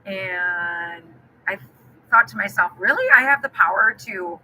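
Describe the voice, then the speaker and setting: A woman's voice: mid-range voice, slow pace, sharp tone, poor audio. A woman giving a friendly live-streamed keynote talk and telling a personal story. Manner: friendly, storytelling, greets viewers by name. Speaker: keynote speaker.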